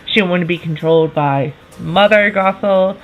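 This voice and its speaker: A woman in her twenties chatting casually to camera as a vlogger, enthusiastic, with quick self-correcting asides. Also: fairly low pitch, lo-fi sound, faint music behind.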